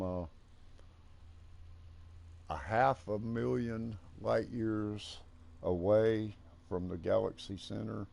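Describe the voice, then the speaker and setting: An older American man chatting casually while playing a game, with a folksy, halting drawl. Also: deep voice, vocal fry, warm tone. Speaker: gaming streamer.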